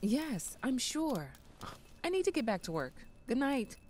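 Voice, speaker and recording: An actress playing a distracted mother on a phone call in a game, briskly reassuring. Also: sits high, very animated, a little mellow, slight background noise. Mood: brushing off. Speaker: game character.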